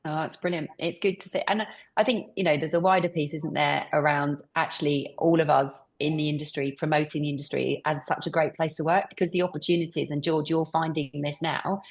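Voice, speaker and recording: Low husky woman hosting a panel. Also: fairly even intonation, fairly quick. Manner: encouraging, thinks aloud with restarts. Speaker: panel host. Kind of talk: panel discussion.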